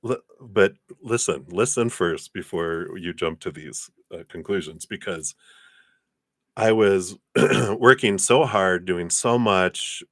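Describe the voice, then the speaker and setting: A man giving a casual talk on gratitude and energy during a livestream reading, animated and laughing as he acts out his own past thoughts. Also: low voice, slow pace, no echo, clean studio sound. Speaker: tarot reader on a livestream.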